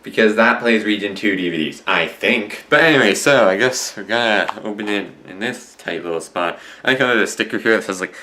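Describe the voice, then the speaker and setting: A man's voice: on the low side, animated, a little fast, hardly any pauses, pushed and bright. A man chatting casually at home as he reviews an old TV story, rambling and full of restarts. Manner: swaps swear words for mild substitutes. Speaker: classic TV reviewer. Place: at home, indoors.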